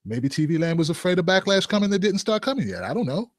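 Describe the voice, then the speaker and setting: High-voiced man joking through commentary. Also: big pitch swings, fast talker, dry recording, studio quality. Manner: joking, rhetorical questions, asides to viewers. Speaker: host of a commentary show. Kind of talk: opinion commentary vlog.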